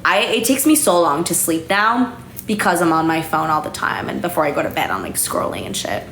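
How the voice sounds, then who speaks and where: Casual and chatty, slightly tipsy, a young livestream host talks from home with plenty of fillers and casual swearing. Her low-pitched voice is expressive, fairly bright, and a little fast, captured in an echoey room with faint noise.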